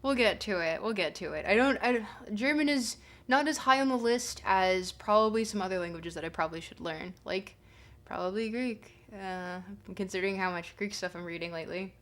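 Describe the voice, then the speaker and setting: A young woman on a livestream chats with viewers while reading chat, her medium-pitched voice moving at normal speed. She wanders through fillers before bursting out playfully and excitedly.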